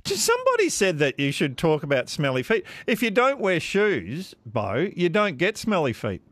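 A man's voice: fairly high pitch, wildly swooping pitch, moderate pace, fairly bright tone, dry recording. A man hosting a radio quiz, chatting casually with callers in a self-deprecating way and laughing often. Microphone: studio microphone.

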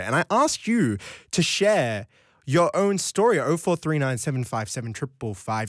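In a radio studio, a young man hosts a late-night show, chatting casually, reading listener texts and rambling off into giggly tangents. His medium-pitched voice is captured dry on a studio microphone with studio-quality sound.

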